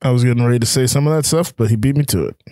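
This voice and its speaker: A man's voice: mid-range voice, rapid-fire, background noise. A man co-hosting a sports podcast, defending his rankings and teasing his partner in casual chat. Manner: argumentative, teasing, sighing. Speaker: co-host.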